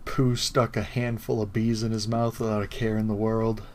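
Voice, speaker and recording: A man's voice: fairly low pitch, little pitch movement, normal speed, a little mellow, a little hiss or hum. A man co-hosting a podcast, chatting casually and laughing as he eagerly recounts favorite moments. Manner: laughing, enthusiastic recounting of scenes. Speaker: podcast co-host. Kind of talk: casual chat.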